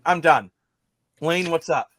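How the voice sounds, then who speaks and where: A man's voice: a little high, takes it slowly, fairly bright tone, no room sound. A man co-hosting a sports talk show, ranting with emphatic frustration about a team's poor play.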